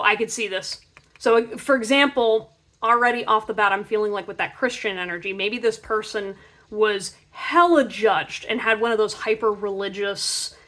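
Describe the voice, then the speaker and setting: A young woman giving a casual pick-a-card tarot reading in a chatty, animated way, full of filler words. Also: medium pitch.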